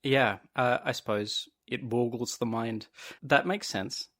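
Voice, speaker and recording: A man co-hosting a casual podcast, quick and self-deprecating, often laughing between jokes. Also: mid-range voice, steady tone, fairly bright tone. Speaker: podcast co-host. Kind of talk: casual chat.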